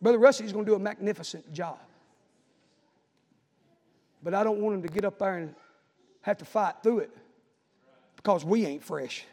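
Gravelly high-voiced preacher. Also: male voice, moderate pace, long pauses, a little mellow, long reverb tail. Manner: storytelling and exhorting, building to urgent appeals. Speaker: pastor. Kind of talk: sermon.

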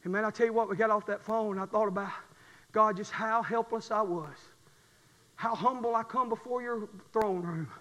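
A middle-aged man preaching a sermon, swinging from quiet testimony to shouted fervor. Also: high-pitched, normal speed, big-room sound.

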